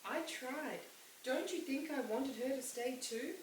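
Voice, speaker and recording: A woman doing a soft-spoken, grieving preacher dad. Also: high-pitched, unhurried, voice pushed up. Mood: sad, tender. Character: gentle, sad father who is a preacher. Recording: roomy, distant mic, faint hiss.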